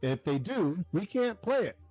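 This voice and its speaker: A man's voice: high-pitched, big pitch swings, normal speed, mellow, no room sound, lo-fi sound, soft background music. A man producing and co-hosting a live stream, joking wryly, with some swearing. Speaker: producer and co-host. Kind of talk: casual chat on a live stream.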